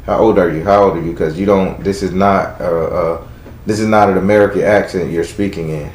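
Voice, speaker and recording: A man's voice: deep voice, fairly even intonation, a little fast, a little mellow, echoey room, poor audio. A man with a Southern US accent giving a live tarot reading to a caller, blunt and chatty, talking aloud to spirits as he goes. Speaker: tarot reader.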